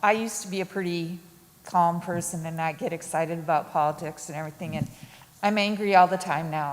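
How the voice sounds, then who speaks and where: A woman in a book group speaking earnestly and confessionally, in measured phrases. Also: mid-range voice, in a large hall. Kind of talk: casual group discussion.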